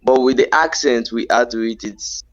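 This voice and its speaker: A man's voice: mid-range voice, normal speed, dry recording, highs cut off. A man, patiently explaining slang in casual chat, often repeating himself as he restarts sentences.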